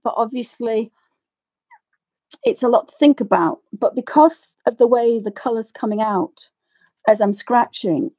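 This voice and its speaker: This is a middle-aged woman hosting a craft tutorial, speaking unhurriedly in a slightly high voice with a dark tone. As she demonstrates colouring she rambles, rants a little on the side, and keeps apologising for wandering off topic.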